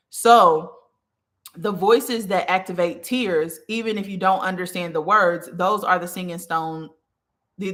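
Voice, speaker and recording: A woman with a somewhat low voice gives a casual spiritual teaching talk as host. She speaks earnestly and straight to the listener, often checking in with "okay?" and going back to restart her phrasing. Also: fairly bright tone.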